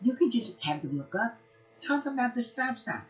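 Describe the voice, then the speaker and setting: A woman teaching early reading, reading a picture book aloud to young children in an animated, sing-song way with playful asides. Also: a little high, moderate pace. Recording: dull lo-fi recording.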